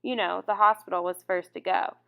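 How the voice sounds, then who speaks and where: A woman voicing a gentle, quietly determined teenage boy in an audiobook, speaking in a soft, calm voice. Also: fairly low pitch, fairly quick, creaky. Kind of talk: audiobook character reading.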